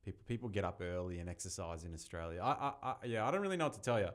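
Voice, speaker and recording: A man hosting a podcast interview, laid-back and easygoing and quick to laugh. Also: sits low, sing-song. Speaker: podcast host.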